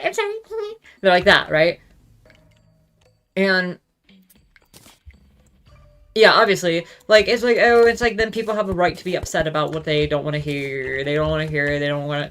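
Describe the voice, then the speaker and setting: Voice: mid-range voice, fairly even intonation, quick pace, hardly any pauses, fairly bright tone, faint music behind. Rambling, profane solo ranter. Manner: rambling, profane, heavy use of "like". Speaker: solo talk show host. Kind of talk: casual ranting monologue.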